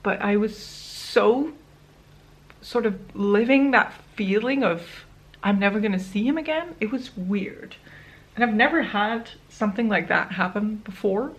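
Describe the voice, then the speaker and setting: A woman's voice: mid-range voice, expressive, measured pace. A young woman chatting casually while doing her makeup, telling a personal story in a rambling, candid way with small laughs. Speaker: beauty vlogger. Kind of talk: casual get-ready-with-me chat.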